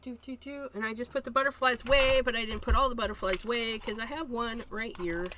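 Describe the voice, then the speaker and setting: A woman's voice: on the high side, fast, few pauses, sharp tone, a little hiss or hum. A woman hosting a live card-making tutorial, chatting and joking to herself as she works. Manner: chatty, jokey, talks to herself while working.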